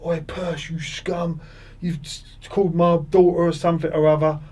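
A man voicing an angry male football heckler who shouts from the side of the pitch. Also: fairly even intonation, racing, distant mic, close to an everyday voice. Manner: accusing, confrontational.

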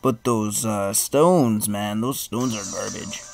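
A casual gameplay commentator, excitable and teasing, joking through the match. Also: medium pitch, slow pace, creaky. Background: game music.

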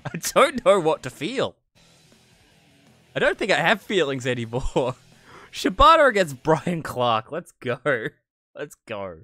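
A man giving live stream commentary on a wrestling video game, excitable, swearing and laughing often, swinging between yelling and muttering. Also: a little high, a little slow, long pauses, dry recording, faint music behind.

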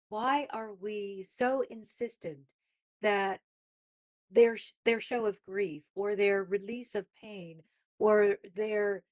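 A woman guest on a faith-based talk show, speaking emphatically and reflectively as she builds her points. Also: mid-range voice. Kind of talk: casual faith-based conversation.

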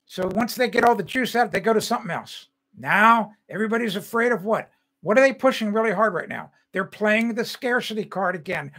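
The older man hosting a home-building show's livestream rants angrily and repeats phrases, then reads viewer comments and answers people by name. He has a high, expressive voice with a sharp tone and brisk pace, and the recording is low quality.

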